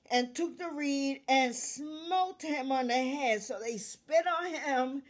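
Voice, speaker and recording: Verse by verse, a woman with a high-pitched voice reads the Bible aloud, calling out the numbers and putting each passage into simple language. She pauses at times to cough as she comments on the text.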